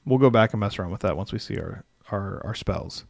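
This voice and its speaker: A man's voice: on the low side, brisk, creaky, dry recording, studio quality. A man chatting casually on a livestream as he builds a game character, thinking aloud, reading rules text and answering his chat.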